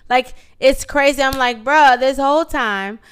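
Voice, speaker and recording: Woman co-host, clear, slightly high voice, excitable and animated, acts out every quote. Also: measured pace. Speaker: podcast co-host. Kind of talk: casual chat.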